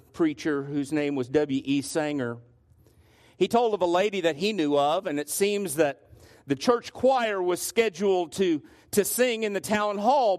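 A male pastor preaching a sermon, telling stories and often restarting his phrases. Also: high voice. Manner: storytelling with frequent restarts.

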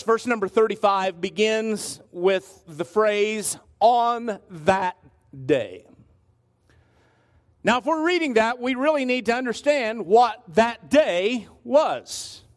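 A pastor preaching a sermon, reading scripture and slowing down to stress key words. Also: male voice, sits high. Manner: emphatic, slows down to stress words.

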